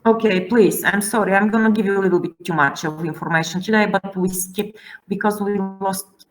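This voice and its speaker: A woman's voice: mid-range voice, poor audio. A woman teaching a class, walking through terms one step at a time in a methodical lecture. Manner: methodical, spelling out terms slowly.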